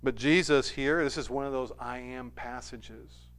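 A man preaching a sermon, swinging from quiet, low passages up to loud, emphatic stretches. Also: steady tone, unhurried. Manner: rising to emphatic, forceful stretches, then dropping low and quiet.

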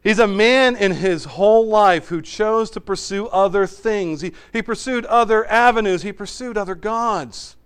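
A man preaching a sermon as pastor, swinging between emphatic raised passages and quiet, hushed asides. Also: high-pitched, moderate pace, few pauses, clear, resonant tone.

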